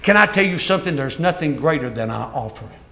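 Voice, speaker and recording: A man preacher delivering a fiery revival sermon, shouting and punctuating his lines with "hey". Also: a little high, expressive, fast talker, creaky. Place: church. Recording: echoey church with noise.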